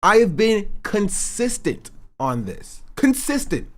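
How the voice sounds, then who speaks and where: A man talking on a casual livestream, pressing his points hard and circling back to them again and again. His pitch swings widely from low to high as he leans into each claim. He swears freely and sounds loose and unscripted. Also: big pitch swings, slow pace. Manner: emphatic, repeats his points. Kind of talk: casual livestream political commentary.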